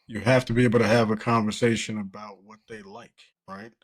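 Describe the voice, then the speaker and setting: A man's voice: on the low side, flat delivery, a little fast, no echo. A man co-hosting a podcast, talking earnestly and reflectively, with lots of "you know" and "like". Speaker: podcast co-host. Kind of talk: casual chat.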